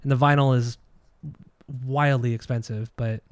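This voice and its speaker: A man's voice: mid-range voice, fairly even intonation, moderate pace, smooth, dry recording. A man co-hosting a casual podcast about records and bands. He argues his tastes bluntly and swears freely. His voice is recorded dry and close, with no room sound around it. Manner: opinionated, swears freely, argumentative. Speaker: podcast co-host.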